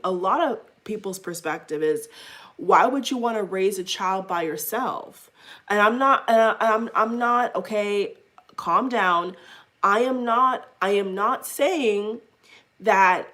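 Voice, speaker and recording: A woman's voice: on the low side, fairly bright tone. A woman vlogger giving opinionated commentary to camera, emphatic, repeating her phrases and speaking straight to her viewers.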